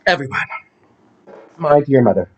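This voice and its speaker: Man from Ohio, campy and theatrical storyteller, middle pitch, casual comic vlog delivery. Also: animated, normal speed, a little mellow. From Ohio, USA. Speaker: comedic storyteller.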